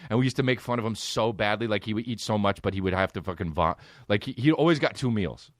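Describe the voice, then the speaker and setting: A man's voice: lowish voice, fast, no echo, clean studio sound. A man in his thirties hosting a podcast, telling a rambling, profane, laid-back comedic story. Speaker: podcast host.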